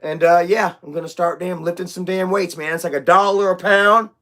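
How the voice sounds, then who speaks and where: A man's voice: high voice, fairly even intonation, a little fast, fairly bright tone. A young man hosting a casual livestream chat, rambling, loose and profane, with lots of fillers. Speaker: livestream host.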